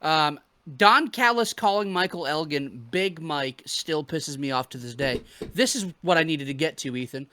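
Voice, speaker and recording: A man's voice: a little high, moderate pace, few pauses, smooth, no room sound. A man co-hosting a podcast, reading match notes and riffing with friends, swearing freely. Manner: animated, swears, reads from notes. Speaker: podcast co-host. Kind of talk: casual wrestling chat.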